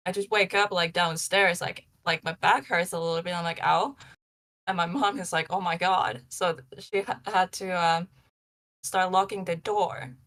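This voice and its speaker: A woman's voice: lowish voice, fairly even intonation, normal speed, fairly bright tone. A young woman, a paranormal investigator guest, telling her story in casual live-show talk, rambling with many likes and ums.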